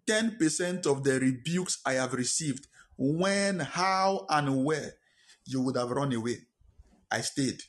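Emphatic preaching man, repeats for stress. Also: on the high side. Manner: fires rhetorical questions at listeners. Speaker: pastor. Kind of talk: sermon.

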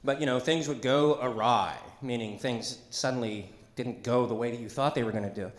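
A man's voice: medium pitch, normal speed, roomy sound. A middle-aged man, a pastor, giving a conversational sermon in a church, chatty and joking, with asides and call-and-response to the congregation. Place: church sanctuary.

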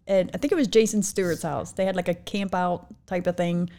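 A woman's voice: fairly low pitch, steady tone, brisk, mellow. A middle-aged woman telling funny family stories in casual chat, laughing often as she talks. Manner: laughs often while telling stories, mimics voices in quotes. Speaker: mother of the co-host.

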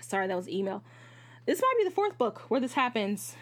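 A woman's voice: on the high side, fairly quick. A woman hosting a podcast, giving a casual, candid book review. She swears freely and often jumps into asides and corrects herself. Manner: animated, jumps between asides and self-corrections. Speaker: podcast host reviewing books.

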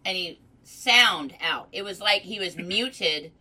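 A woman's voice: fairly low pitch, takes it slowly, sharp tone, poor audio. A woman co-hosting a radio show, talking in casual chat in a reassuring, preacherly way.

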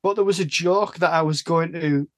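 A man's voice: on the high side, moderate pace, a bit bright, no echo. Chatty English man, bone-dry sound. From England. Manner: chatty, rambling, self-interrupting. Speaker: podcast host. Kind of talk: casual chat.

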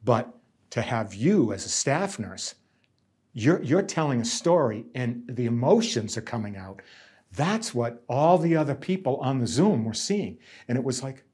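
A man's voice: mid-range voice, sing-song, a little slow, a little mellow, breathy edge. A middle-aged man, a union negotiator giving earnest, emphatic interview testimony and often repeating words.

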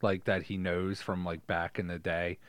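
A man co-hosting a casual podcast, recapping a movie and laughing as he acts out lines in a high squeaky voice. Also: level tone, normal speed, a bit bright, no echo. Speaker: podcast co-host.

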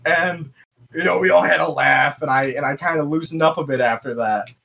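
Male guest, from West Michigan, higher-pitched, bright tone, animated swearing raconteur. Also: brisk, creaky. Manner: animated, profane, acts out quoted voices. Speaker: podcast guest. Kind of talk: casual storytelling.

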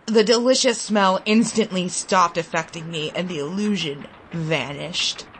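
A woman giving a dramatic reading of a classic short story, moving from loud cries to hushed whispers. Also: lowish voice, a little slow, slight background noise. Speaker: reader.

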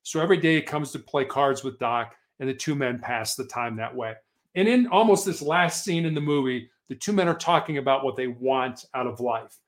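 A man's voice: mid-range voice, expressive, moderate pace. A man as an interview guest, telling a story in an earnest, motivational way. He lives in Colorado. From Colorado, USA.

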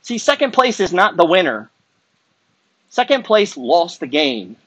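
A man's voice: high voice, big pitch swings, unhurried, a bit bright, husky, no echo. A middle-aged man ranting bluntly and profanely about building wealth, lecturing his viewers with rising heat. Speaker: wealth-building content creator. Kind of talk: unscripted rant to camera.

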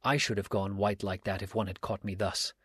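Narrator: male, lower voice, dry close recording, steady audiobook reading. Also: a little fast, slightly rough, dry recording. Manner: steady, earnest storytelling.

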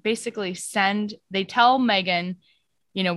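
A woman's voice: mid-range voice, animated, normal speed, bright, forceful tone, dry recording. A young adult woman co-hosting a casual podcast, rambling through a plot summary with many fillers and restarts. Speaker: podcast co-host. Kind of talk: casual chat.

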